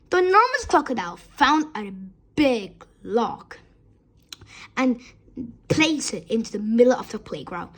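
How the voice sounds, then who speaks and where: A woman's voice: a little high, breathy edge. A woman reading a children's story aloud expressively, with small slips.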